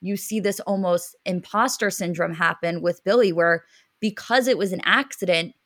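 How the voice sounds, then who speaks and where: A woman co-hosting a podcast in casual chat, talking in quick, chatty bursts with many fillers. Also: lowish voice, no echo, clean studio sound. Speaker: podcast co-host.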